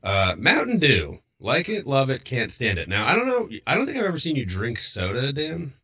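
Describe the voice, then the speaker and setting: A man's voice: medium pitch, wildly swooping pitch, moderate pace, pushed and bright, husky. A man who is a regular on a sports talk show, chatting in a playful, teasing way. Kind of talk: casual talk show banter.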